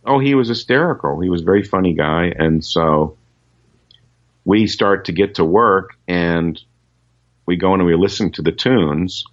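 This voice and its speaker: A man's voice: sits low, measured pace, lo-fi sound. A man, a session guitarist, telling anecdotes in a casual interview, rambling with lots of fillers and restarts.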